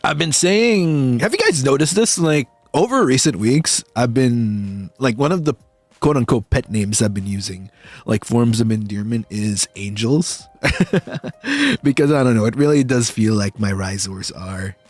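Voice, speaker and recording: Slow-talking excitable young man streamer. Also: soft background music. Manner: excitable, bursting into high delighted shouts; affectionate, rambling. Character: dinosaur boy virtual streamer persona. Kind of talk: casual chat to stream viewers.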